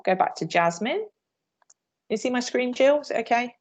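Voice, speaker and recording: A woman's voice: on the high side, lively intonation, normal speed. A woman from England presenting an online training session for teachers, upbeat, showing moves as she talks. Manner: upbeat, demonstrates moves while talking. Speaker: PE trainer leading a teacher workshop. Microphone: video call.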